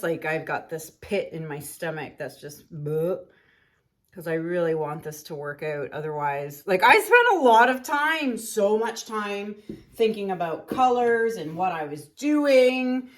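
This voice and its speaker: A woman's voice: fairly low pitch, unhurried. A woman talking casually as she paints, thinking aloud and scolding herself over mistakes. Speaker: acrylic pour artist. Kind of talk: casual talk while painting.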